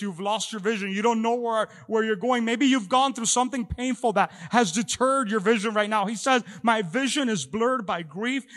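A man's voice: sits high, fairly bright tone. A middle-aged man preaching a sermon as pastor, often repeating words as he talks. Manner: halting with many repeated words. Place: church hall. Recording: long echo of a large hall.

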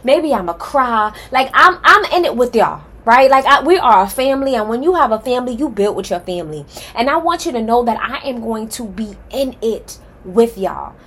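Passionate, husky-voiced woman podcast host. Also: fairly high pitch, expressive, moderate pace, hardly any pauses, fairly bright tone. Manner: passionate and emphatic, addresses listeners as y'all. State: nervous and excited. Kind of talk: heartfelt solo podcast introduction.

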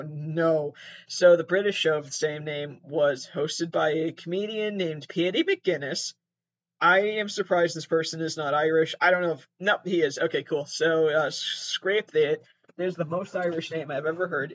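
Sitting on his mattress at home, a man with a fairly high-pitched voice reads aloud and riffs in casual commentary. His host style is rambling, sarcastic and self-deprecating, with a bit of swearing. The audio sounds dull.

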